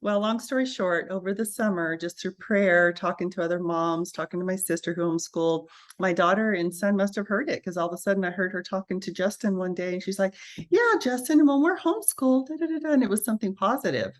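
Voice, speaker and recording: A woman, a registered nurse, telling her story as a guest in a casual interview, animated and acting out the voices she quotes. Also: fairly low pitch, quick pace.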